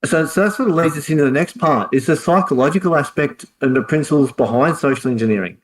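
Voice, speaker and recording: Aussie guy explaining stuff on a live stream, calm, some ums. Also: a little high, low-quality recording. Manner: measured, explanatory, with hesitant fillers. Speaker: co-host.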